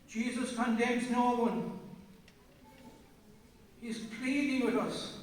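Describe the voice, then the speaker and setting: A man, preaching a sermon as a priest, slow and emphatic, often repeating his phrases. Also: very high voice. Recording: echoey hall from far off.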